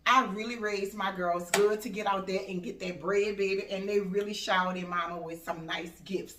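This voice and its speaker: A woman's voice: mid-range voice, recorded from a distance, a little hiss or hum. Chatty woman vlogging in an echoey kitchen. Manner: animated storytelling, acts out the voices of her family and laughs. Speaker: home decor vlogger. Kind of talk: casual chatty vlog. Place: home kitchen. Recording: echoey room, voice off-mic.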